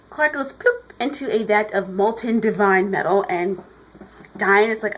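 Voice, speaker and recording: A woman giving an excited, casual comic review while standing, often restarting her sentences. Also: on the high side, moderate pace, rough recording.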